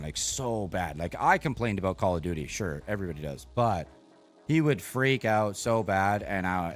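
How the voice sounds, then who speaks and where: A man streaming a game and chatting casually to his viewers, rambling and earnest, with frequent swearing. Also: sits low. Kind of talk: casual live-stream chat.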